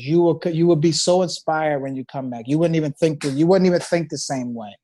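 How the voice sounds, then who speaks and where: An animated, high-voiced man talks in a loose, rambling flow. He leans on fillers like "you know what I'm saying" and laughs often. His talk is casual and unscripted. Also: fast, hardly any pauses. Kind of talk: casual chat.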